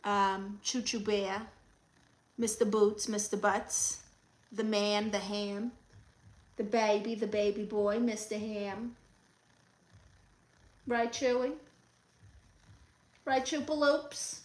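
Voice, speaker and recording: A woman hosting a comedy livestream as an advice-giving aunt, chatting casually with a sassy, teasing manner and reading comments out loud. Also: mid-range voice, steady tone, takes it slowly, long pauses, poor audio. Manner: coos baby talk at her dog.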